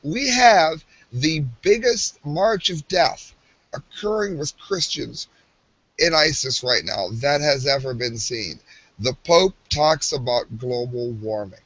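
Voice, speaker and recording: A man makes emphatic, fired-up arguments, stumbling over restarts as he presses on. His voice is bright and sits a little high. The sound is dry and muffled, typical of a low-fi live stream. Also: slow pace, no echo. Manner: impassioned, emphatic, with many restarts. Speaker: podcast co-host. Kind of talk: heated live-stream panel talk.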